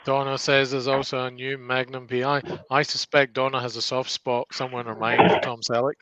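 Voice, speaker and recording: A man's voice: medium pitch, little pitch movement, a little fast, fairly bright tone. A man with a Geordie accent bantering on a livestream, reading out chat comments with playful, wry jokes. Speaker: guest on a woodturning livestream, reads out chat. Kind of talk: joking live-stream banter. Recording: dull lo-fi sound with clear background noise.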